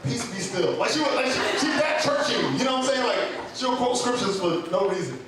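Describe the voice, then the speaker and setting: A man with a high voice tells a funny personal story at a live open mic, animated and chatty and full of comic asides. He is caught by a camera from far off in a very echoey room with a clear hum of noise behind him. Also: a little fast, over music.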